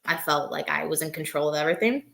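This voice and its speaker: A young woman wrestler answering interview questions in a soft, hesitant way, with many fillers. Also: low-pitched, fast, creaky, echoey room. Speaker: wrestler guest.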